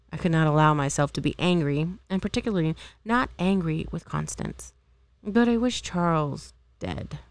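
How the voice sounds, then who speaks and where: A woman's voice: deep voice, animated, moderate pace, dry recording. A woman reading a novel aloud as an amateur, unpolished, with occasional slips and re-reads. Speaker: amateur reader.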